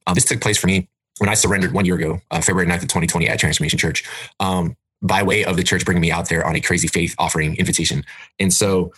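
Male guest from California; very deep, husky voice, enthusiastic testimony. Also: steady tone, fast talker, a bit bright. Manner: enthusiastic, hype. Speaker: podcast guest, minister. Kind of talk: casual testimony.

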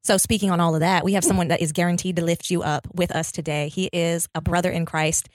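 A woman's voice: fairly low pitch, steady tone, fast talker, no echo. A woman co-hosting a faith podcast, upbeat and affirming as she introduces a guest. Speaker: podcast co-host. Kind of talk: casual chat and host introduction.

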